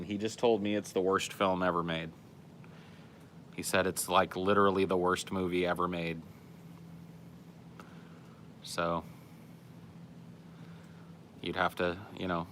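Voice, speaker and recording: Sarcastic host guy reading chat, lowish voice, bright and punchy, swears a lot. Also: a little hiss or hum. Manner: sarcastic, profane, offhand. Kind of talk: casual chat.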